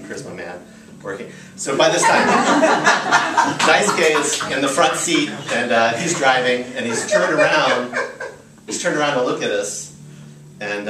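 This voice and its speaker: At a live storytelling show in the United States, a thirtysomething American man shares a personal story in a relaxed, rambling way full of fillers. His voice sits in the mid-range, with background noise audible. A far-off microphone captures the spacious acoustics of the room.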